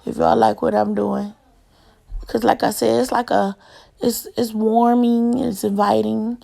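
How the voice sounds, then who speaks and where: A woman's voice: on the high side, little pitch movement, a little slow, vocal fry, warm tone. A young adult woman, chatting casually through a home tour and rambling as she keeps calling her viewers y'all. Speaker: home decor vlogger.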